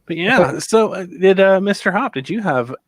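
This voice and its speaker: Gravelly host with a dry mic. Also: male voice, high-pitched, animated, normal speed, no room sound. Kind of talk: casual hosting.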